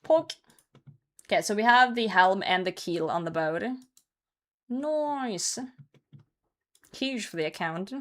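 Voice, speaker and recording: A woman's voice: medium pitch, lively intonation, takes it slowly, pauses often, a bit bright. A young woman streamer chatting casually with her chat while gaming, laughing often and swearing now and then. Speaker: live streamer.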